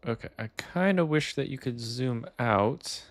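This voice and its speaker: A man's voice: mid-range voice, animated, measured pace, no echo. A man casually commenting while playing a game for the first time, thinking aloud and reading the on-screen text. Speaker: gamer playing a cozy game. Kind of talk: casual let's-play commentary.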